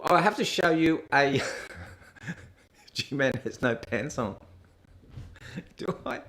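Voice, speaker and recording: Rambling irreverent Australian man. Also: fairly high pitch. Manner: rambling, irreverent, laughing asides. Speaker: host. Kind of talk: casual reaction stream.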